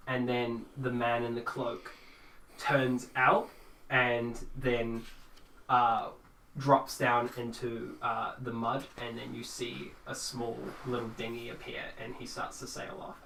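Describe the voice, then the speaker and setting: A young man narrating a tabletop game as game master, in a casual, halting way. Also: mid-range voice, completely flat delivery, gravelly, bright, forceful tone, slight background noise. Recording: echoey room, mic far off.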